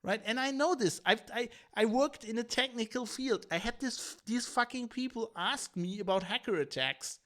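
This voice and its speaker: High-voiced man ranting. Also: pushed and bright. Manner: heated, profane, fast ranting with many restarts. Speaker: podcast host. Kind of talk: opinionated podcast rant.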